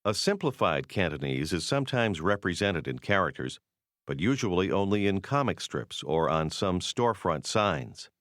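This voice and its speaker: A man narrating a scripted language course in a measured, explanatory way, close to the mic. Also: low voice, sing-song, fairly bright tone, dry recording.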